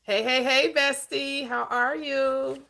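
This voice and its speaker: A woman hosting a live-streamed book club, upbeat and chatty, greeting viewers with quick repeated words. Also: high voice, steady tone, gravelly, bright, forceful tone. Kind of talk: live-stream chat and discussion.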